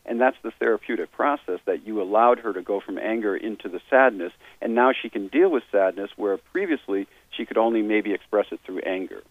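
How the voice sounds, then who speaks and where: A man's voice: on the low side, expressive, brisk, hardly any pauses, no echo. Man explaining on a tinny phone line. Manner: earnest, explanatory, restarts phrases. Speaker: author and therapist guest. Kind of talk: conversational interview talk.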